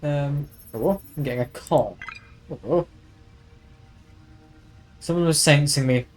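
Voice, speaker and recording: A man's voice: fairly high pitch, unhurried, a little hiss or hum. A man streaming a detective game, chatting wryly and reading game text aloud. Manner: chatty, wry, reads aloud with asides.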